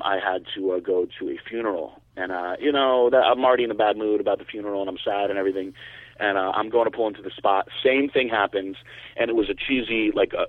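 A man from Connecticut telling stories in a casual, animated way, with many fillers and some swearing. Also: fairly low pitch, no room sound. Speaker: guest storyteller. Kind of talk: casual storytelling. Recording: tinny phone-like line.

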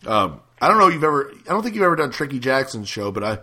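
A man's voice: medium pitch, sing-song, very fast, bright, forceful tone, husky. A man hosting a radio show, chatting casually with a caller and planning the next segment. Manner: conversational, plans the show. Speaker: radio host. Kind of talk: casual chat.

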